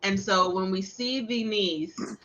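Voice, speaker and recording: A woman co-hosting a casual movie discussion, thoughtful and quick to concede a point. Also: medium pitch, a bit bright, dull audio.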